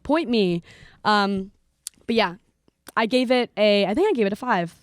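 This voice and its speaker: A young woman in relaxed podcast chat, animated and quick to list what she liked. Her voice sits mid-range. The recording is dry and close. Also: mid-range voice, no echo. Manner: animated, chatty reviewer. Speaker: podcast co-host. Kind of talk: casual chat.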